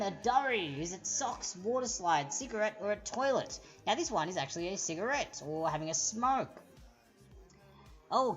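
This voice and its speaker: An Australian woman hosting a live-streamed trivia quiz, chatty and explanatory as she reads out the answer options. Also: fairly low pitch. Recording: dull lo-fi stream audio.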